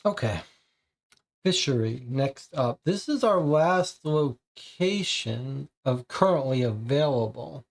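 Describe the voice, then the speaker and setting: A man's voice: medium pitch, lively intonation, takes it slowly, vocal fry. Man thinking aloud through a board game. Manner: thinking aloud, casual, reading text out. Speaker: streamer playing a co-op board game. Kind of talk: live game playthrough, reading cards and chat.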